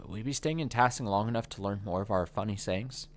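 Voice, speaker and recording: A man's voice: lowish voice, fast, slight background noise, natural voice. A man reading a curious, polite young woman artist's game dialogue in his own voice.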